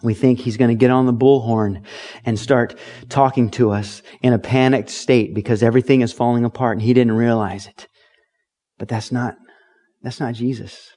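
A middle-aged man preaching a sermon with an easy, conversational delivery. His voice sits at an ordinary middle pitch. He slips into quoted voices and reads scripture aloud. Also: fairly even intonation, moderate pace, mellow. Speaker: pastor.

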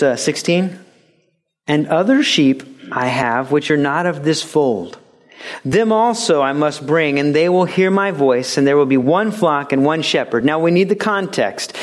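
A medium-pitched male pastor preaches an animated sermon, acting out little dialogues and mimicking voices to get laughs.

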